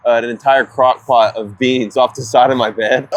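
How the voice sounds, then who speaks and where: A laid-back young man with a medium-pitched voice, chatting casually and laughing through crude stories. He keeps an easy, unhurried delivery. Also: lively intonation, creaky, dry recording. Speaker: podcast co-host.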